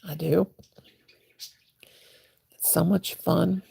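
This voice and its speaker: A woman's voice: on the low side, fairly even intonation, very slow, creaky, warm tone, husky. A woman hosting a crochet livestream, chatting to viewers in a rambling, folksy way while she crochets. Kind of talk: casual livestream chat.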